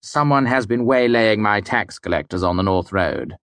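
This audiobook narrator has a lowish, fairly bright, expressive voice and a moderate pace, recorded dry and pitched above his natural voice. He plays a tired, cranky middle-aged mayor whose speech is short, brusque, and exasperated.

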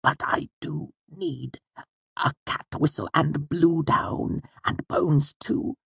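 A man voicing a frail, frightened man in his thirties, with a thin, reedy voice that cracks as he speaks softly. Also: medium pitch, lively intonation, gravelly, slightly rough, no echo, voice pushed up, exaggerated voice. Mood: urgent. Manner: soft, halting, fearful.

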